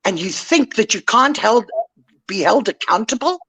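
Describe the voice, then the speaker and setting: A woman's voice: medium pitch, lively intonation, moderate pace, fairly bright tone, husky. An older woman on an online call, ranting indignantly and lecturing someone in a live chat. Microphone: online call mic.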